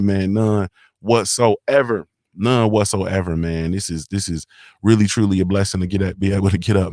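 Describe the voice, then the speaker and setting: A man's voice: lowish voice, dry recording, clean studio sound. Laid-back slangy man hosting from home. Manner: laid-back slangy talk, shouting out viewers. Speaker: morning show host. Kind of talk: casual livestream chat.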